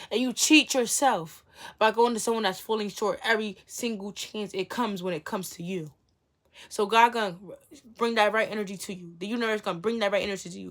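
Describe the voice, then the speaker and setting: Young woman vlogger, blunt and preachy, repeats herself, hammers rhetorical questions. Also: medium pitch. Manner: emphatic, repetitive rhetorical questions; blunt and preachy, sometimes swearing. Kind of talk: motivational talk to camera.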